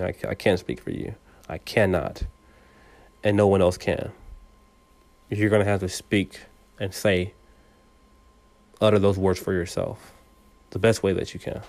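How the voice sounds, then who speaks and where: A man's voice: sits low, vocal fry. A man giving a reflective motivational monologue, speaking straight to the listener with frequent repetitions and stammered restarts.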